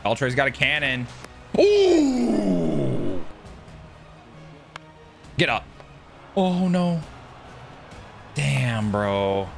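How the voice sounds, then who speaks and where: A man giving excitable live commentary on his own gameplay, swearing freely and yelling at big plays. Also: mid-range voice, slow, creaky, long pauses, music in the background. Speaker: gaming YouTuber.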